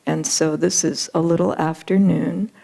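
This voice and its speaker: Gravelly low-voiced woman telling a story. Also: steady tone, measured pace, dark tone. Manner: earnest retelling with frequent uh and you know. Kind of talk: storytelling in a spiritual talk.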